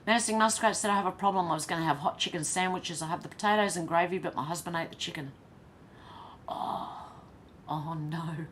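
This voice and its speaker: Australian woman host, slightly low voice, chatty live-chat reading, faint hiss. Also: very fast, few pauses, fairly bright tone. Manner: chatty, reads comments aloud and reacts with laughs.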